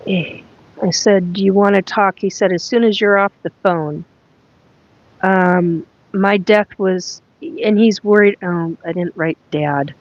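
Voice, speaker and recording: A woman hosting a live solo chat, recounting a spirit reading in a halting way as she reads from her notes. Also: medium pitch, steady tone, no echo, highs cut off. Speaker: psychic medium host.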